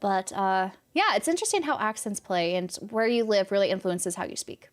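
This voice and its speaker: This woman's voice is medium in pitch, sing-song, and fairly quick. She's a young Californian with a light accent, casually chatting on a game stream and laughing through rambling answers to chat.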